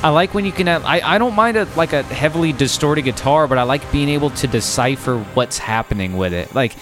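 A man's voice: on the high side, expressive, brisk. A man co-hosting a casual music chat, laid-back and hesitant as he searches for words. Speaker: podcast co-host.

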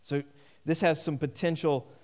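A man's voice: fairly high pitch, fairly even intonation, moderate pace, a little mellow. A man preaching a sermon, emphatic and repeating key phrases for weight.

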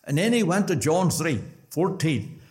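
Lively Northern Irish preacher telling testimony. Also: male voice, on the high side, unhurried. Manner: conversational storytelling with lively rises. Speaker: preacher giving his testimony. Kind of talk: personal testimony at a gospel meeting. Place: gospel hall.

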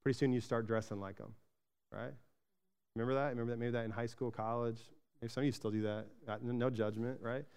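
Smooth-voiced man preaching a casual sermon. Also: mid-range voice, brisk. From Arizona, USA. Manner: casual, chatty preaching with frequent "right?" asides to the congregation; animated storytelling, rising louder when excited. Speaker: pastor.

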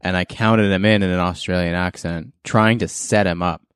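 A man hosts a casual podcast, laid back and joking, breaking into laughs as he talks. His voice sits a little low and sounds dry and close, with no room around it. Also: fairly even intonation, normal speed, clean tone, no room sound. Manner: laughs often, loose and joking. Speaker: podcast host.

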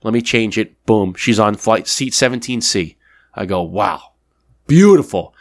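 Telling a story on the podcast he co-hosts, a man acts out both sides of a phone call in casual chat. His voice is fairly low yet fairly bright, at a moderate pace, captured at studio quality with no echo.

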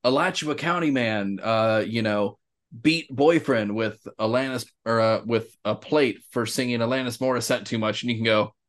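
A man from Florida co-hosting a casual sports podcast, swearing and laughing often, breaking into excited bursts. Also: mid-range voice, normal speed. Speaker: podcast co-host.

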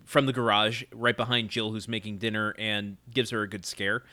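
A man's voice: fairly low pitch, moderate pace. A man co-hosting a casual podcast, recapping a sitcom episode with frequent laughter. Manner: laughs often, animated retelling. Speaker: podcast co-host.

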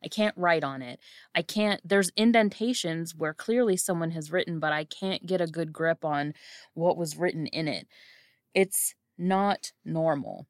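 A woman playing a tabletop game, describing her actions with halting phrasing and fillers. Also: sits low, dry recording, clean studio sound. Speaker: player. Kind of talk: casual in-character play.

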